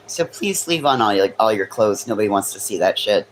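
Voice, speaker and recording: A woman's voice: a bass voice, lively intonation, a little fast, hardly any pauses, slight background noise, low-quality recording. A woman hosting a casual livestream from home, teasing her chat with sarcastic remarks. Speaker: livestream host. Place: home near a kitchen.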